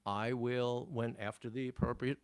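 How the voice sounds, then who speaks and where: A man with a New York accent, a podcast guest who speaks in a measured, well-spoken way, sometimes with formal wording. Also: mid-range voice, little pitch movement, smooth. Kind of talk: casual interview chat.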